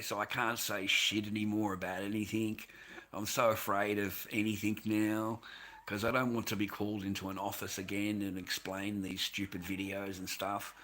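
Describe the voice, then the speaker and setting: A man's voice: on the low side, sharp tone. A man hosting his own livestream, rambling and swearing as he vents his frustrations in an unscripted rant. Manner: rambling, profane, venting frustration. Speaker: livestream host.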